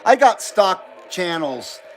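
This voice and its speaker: A man's voice: high-pitched, big pitch swings, slow, slight background noise, rough recording. A man hosting a CB radio livestream, reading chat messages aloud in a rambling, self-deprecating way and laughing often. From western United States.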